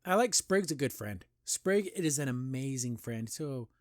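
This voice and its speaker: A man hosting a cartoon review show, chatting casually and enthusiastically, rambling with lots of "like" and "you know" and jumping up in pitch when he praises a scene. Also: animated, normal speed, no room sound, clean studio sound.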